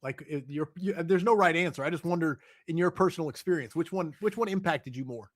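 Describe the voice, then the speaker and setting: A podcast host with a slightly high voice talks a little fast, enthusiastic and casual as he reads listener questions. He's recovering from an illness.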